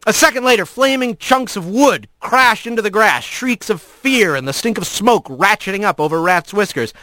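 A man's voice: high-pitched, expressive, moderate pace, sharp tone, no echo. A man narrating a scripted storybook adventure with a vivid, varied reading.

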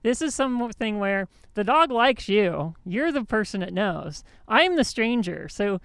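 A woman's voice: medium pitch, very animated, a little slow, fairly bright tone, smooth, no room sound. A woman hosting a show, telling a story in a casual monologue with indignant emphasis and many restarts. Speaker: host.

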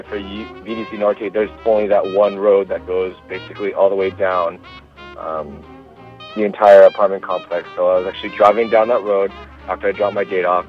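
A man's voice: low-pitched, lo-fi sound. Laid-back man telling a story. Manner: relaxed, laughing, many fillers and restarts. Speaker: storyteller guest. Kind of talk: casual personal anecdote.

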